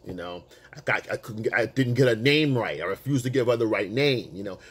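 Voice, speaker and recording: Husky, animated man telling a story. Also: mid-range voice. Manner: animated, swears freely, street slang. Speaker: dating coach. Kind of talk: casual storytelling to camera.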